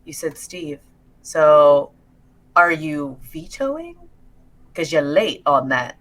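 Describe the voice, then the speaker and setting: Lively woman exclaiming on a stream. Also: deep voice, poor audio. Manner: exclaiming, quick reactions. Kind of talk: casual chat.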